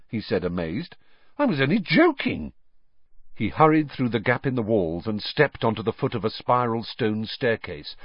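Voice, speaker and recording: A man narrating an audiobook with an expressive, dramatic reading. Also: lowish voice, breathy edge, no room sound, dull audio.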